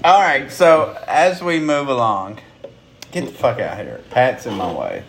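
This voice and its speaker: A man's voice: mid-range voice, lively intonation, unhurried, a bit bright, a little hiss or hum. A man hosting a podcast, chatting casually and joking crudely over drinks with friends. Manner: laughing, joking, crude banter. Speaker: podcast host.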